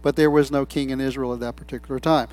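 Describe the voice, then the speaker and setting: A man's voice: mid-range voice, steady tone, fast talker, a little mellow. A man preaching a sermon in a loose, conversational way, telling stories and quoting people in different voices. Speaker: pastor.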